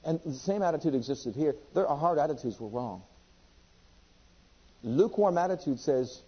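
A man preaching a sermon with passion, reading scripture aloud and swinging between loud and hushed delivery. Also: a little high, quick pace, husky, big-room sound. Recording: dull lo-fi sermon recording.

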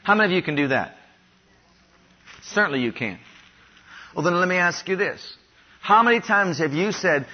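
High-voiced preacher man, lo-fi sound. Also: expressive, normal speed, long pauses. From Ohio, USA. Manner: has the congregation repeat declarations after him; rises louder and higher on repeated declarations. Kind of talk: sermon. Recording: dull lo-fi sound.

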